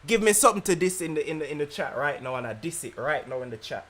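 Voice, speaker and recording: A man's voice: on the high side, fast, a bit bright. A man with a London accent live-streaming his reaction to a rap battle, talking in loose slang, laughing often and repeating his lines.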